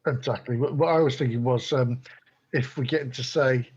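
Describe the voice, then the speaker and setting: A man's voice: medium pitch, fairly even intonation, a little fast, a little mellow, breathy edge. A man playing a tabletop game, chatting casually and stumbling over repeated words. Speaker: player. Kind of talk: casual chat. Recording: dull lo-fi mic.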